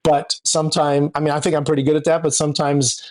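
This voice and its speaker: A man's voice: on the high side, fast talker. Guy chatting about camera work on set, easygoing, does little voices for quotes. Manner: relaxed storytelling, acts out quoted dialogue. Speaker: camera operator and director. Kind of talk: casual podcast interview.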